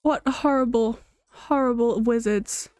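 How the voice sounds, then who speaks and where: Expressive young woman streaming a game. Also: on the high side, measured pace, smooth, no echo, clean studio sound. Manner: reactive and expressive. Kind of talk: casual game commentary.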